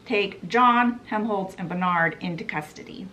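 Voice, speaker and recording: Woman host, casual book recap, slow delivery. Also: medium pitch, a little hiss or hum. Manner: chatty, relaxed retelling.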